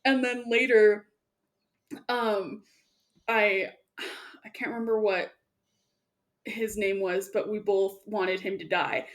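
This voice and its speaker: A woman co-hosting a casual chat, telling animated gameplay stories and laughing often. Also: mid-range voice, takes it slowly, long pauses. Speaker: podcast co-host.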